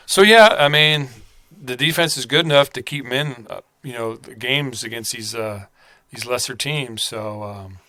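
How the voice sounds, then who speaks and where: A man co-hosts a laid-back sports podcast, rambling through his points with plenty of fillers. His voice is bright and clear, with a dry, close sound and no room echo. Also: mid-range voice, unhurried. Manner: rambling, many fillers, excited bursts at game updates. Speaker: podcast co-host. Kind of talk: casual sports chat.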